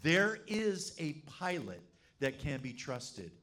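A middle-aged man preaching a sermon as pastor, telling a funny story with lively energy. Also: a little high, takes it slowly. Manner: animated, humorous storyteller.

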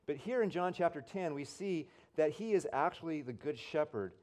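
A man preaching a sermon as pastor, telling stories conversationally and swinging from loud and emphatic to soft and hushed. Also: a little high, lively intonation, normal speed. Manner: conversational storytelling, swells loud then drops soft.

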